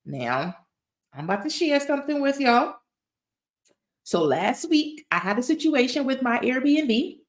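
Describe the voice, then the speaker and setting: A woman's voice: sits high, very animated, measured pace. Chatty, emphatic woman. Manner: chatty, emphatic, storytelling with asides. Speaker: tax resolution expert. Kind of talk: casual advice talk to camera.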